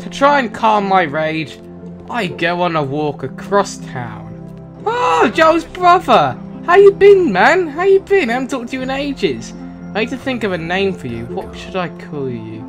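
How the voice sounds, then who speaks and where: A man giving playful, jokey commentary over a game, excitable and breaking into shouts. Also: high-pitched, unhurried. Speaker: gaming commentator. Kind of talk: playful let's-play commentary. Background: game music.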